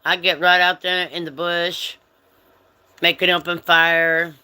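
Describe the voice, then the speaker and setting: A woman hosts a casual livestream and talks straight to her viewers, answering their comments one by one. She speaks at an unhurried, drawn-out pace with a bright, forceful tone. She is friendly and chatty but turns firm and strict when someone is rude. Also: fairly low pitch, flat delivery, clean tone. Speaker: livestream host.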